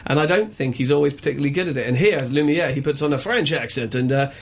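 A man's voice: fairly high pitch, quick pace, husky. Chatty, opinionated man reviewing films. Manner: opinionated, chatty, frequent ums and uhs. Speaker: film reviewer. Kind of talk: casual radio chat.

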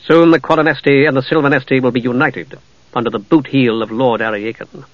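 Male narrator as a haughty dark knight, cold, formal, mocking, a bit lower; audiobook. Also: fairly even intonation, brisk, no room sound, natural voice. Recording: dull lo-fi dry audio.

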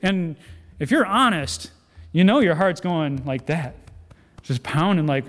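A man preaching a sermon as a guest speaker, animated storytelling with acted-out quotes and self-deprecating humor. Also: on the high side, normal speed. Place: church sanctuary. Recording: long church hall reverb.

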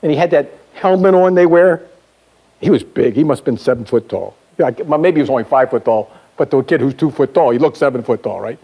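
An older man, a sales trainer, telling a childhood story in a seminar talk, with chatty asides to the audience and a voice that climbs as the excitement builds. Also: mid-range voice, fast.

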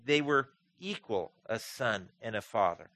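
A man preaching a sermon as pastor, earnest, rising to emphatic peaks and dropping low and quiet for scripture. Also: lively intonation, unhurried, no room sound.

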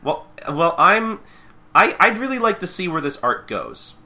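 A male podcast co-host in casual chat, with a very bright, edgy tone. His pitch jumps around in animated recaps with frequent restarts. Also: a little slow.

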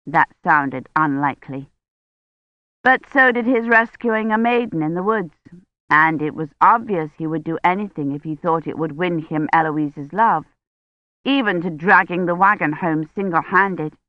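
A woman narrating an audiobook in a measured, steady reading. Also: fairly low pitch, no room sound. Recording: dull dry audiobook recording.

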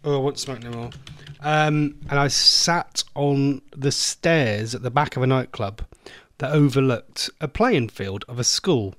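A man's voice: mid-range voice, measured pace, a bit bright, no echo. An English man hosting a casual online radio phone-in, rambling and chatting, often breaking off mid-sentence. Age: adult, a former smoker. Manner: chatty, rambling, self-interrupting. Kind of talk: casual solo radio chat.

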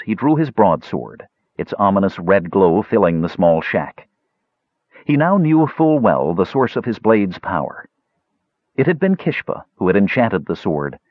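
A man with a low, husky voice narrates a fantasy audiobook, and his intonation moves up and down widely. The sound is dry and slightly dull, like a lo-fi home recording. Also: normal speed, no echo. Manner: expressive storytelling.

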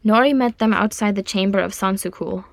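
A woman narrating a fan fiction audiobook with calm, even storytelling. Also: medium pitch, a little fast, creaky, no room sound. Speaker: audiobook reader.

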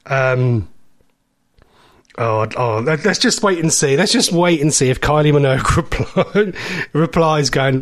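A man's voice: on the high side, normal speed, fairly bright tone, no room sound, studio quality. A man hosting a solo podcast from home, rambling and joking, often laughing. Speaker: podcast host. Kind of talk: solo comedic chat.

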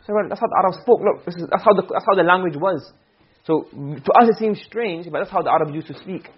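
A man teaching Arabic rhetoric in a classroom lecture, posing questions and answering them himself, and quickly chanting Arabic verse between his English explanations. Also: high-pitched, breathy edge. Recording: dull lo-fi recording.

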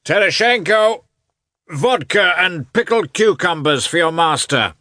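Man playing a bossy booming army officer, blunt, likes his own voice. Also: expressive, moderate pace, fairly bright tone, dry recording, clean studio sound. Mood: bluff. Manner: booming, commanding. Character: bluff, loud male officer friend.

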